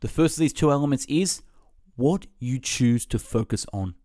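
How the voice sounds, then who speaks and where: Male narrator, average pitch, dry booth-like sound, reads a book summary in a steady teaching manner. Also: normal speed, dry recording. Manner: steady, instructive reading with list-like emphasis. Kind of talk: scripted narration.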